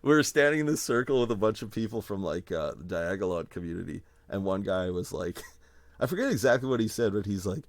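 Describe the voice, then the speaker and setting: Guy from manitoba rambling thru stories, lowish voice, laughs a lot, dry close sound. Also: fast, no echo. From Manitoba, Canada. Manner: rambling, animated, laughs often. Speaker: guest musician. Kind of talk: casual storytelling chat.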